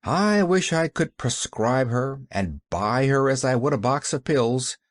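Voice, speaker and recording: Man voicing a joking, whimsical doctor, lively delivery, storybook reading. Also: medium pitch, measured pace, dry recording, studio quality, natural voice. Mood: wry. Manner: wry and joking. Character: whimsical, good-humored country doctor, man.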